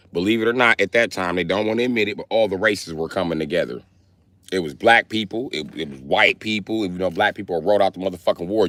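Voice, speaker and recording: A man from the Milwaukee area doing a comedic livestream rant, profane and animated as he tells stories. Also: lowish voice, no echo. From Milwaukee area, United States.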